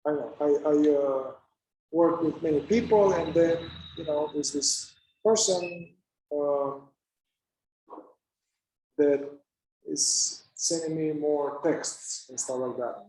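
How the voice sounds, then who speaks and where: Halting man, echoey room. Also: a little high, mellow. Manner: halting, searching for words, many restarts. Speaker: somatic therapist. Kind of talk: reflective talk.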